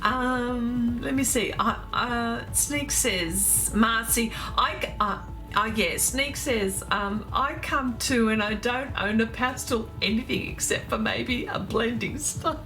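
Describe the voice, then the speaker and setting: A woman, hosting an art livestream in casual chat, effusive and quick to laugh while reading viewer comments aloud. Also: fairly high pitch, sharp tone, faint music behind.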